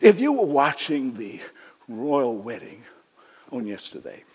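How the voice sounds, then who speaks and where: A man preaching a sermon as pastor, using call-and-response and repeated refrains, swinging from shouted peaks to hushed near-whispers, in a church sanctuary. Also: mid-range voice, very animated, unhurried, breathy edge. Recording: long hall reverb of a sanctuary.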